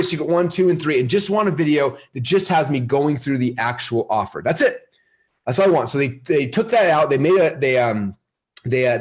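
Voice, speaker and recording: A man presenting a live marketing webinar, energetic and salesy, often asking his audience questions. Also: medium pitch, slightly rough.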